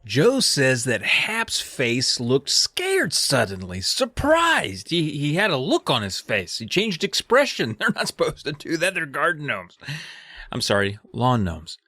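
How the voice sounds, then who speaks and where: A man's voice: mid-range voice, wildly swooping pitch, measured pace, sharp tone, dry recording. Laid-back man recapping with laughing asides. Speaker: podcast co-host. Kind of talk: comedic story recap.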